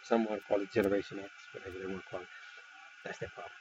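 A man's voice: little pitch movement, rapid-fire, highs cut off, slight background noise. A man preaching an informal sermon, emphatic and full of rhetorical questions and folksy asides. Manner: emphatic, wide swings in pitch and loudness, rhetorical questions.

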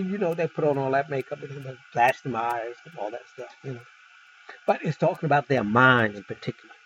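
A man's voice: dull audio, a little hiss or hum. A man preaching an informal sermon, emphatic and full of rhetorical questions and folksy asides. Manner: emphatic, wide swings in pitch and loudness, rhetorical questions.

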